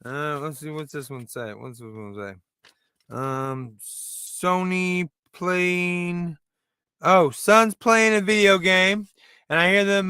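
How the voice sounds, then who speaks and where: A man's voice: high-pitched, takes it slowly, pushed and bright, smooth, dry recording, clean studio sound. A middle-aged man doing a rambling, self-deprecating stand-up monologue as host, with many restarts. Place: room in front of a brick wall.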